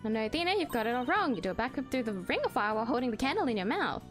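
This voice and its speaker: A woman reading the lines of a playful, upbeat teenage girl magician from a visual novel, talking fast. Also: on the high side, sing-song, faint music behind.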